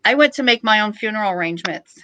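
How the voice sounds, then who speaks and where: A middle-aged woman, a podcast guest, telling a story in a joking, lively way. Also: mid-range voice, fast, no room sound, low-quality recording. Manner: joking, animated storytelling with laughs. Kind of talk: casual storytelling.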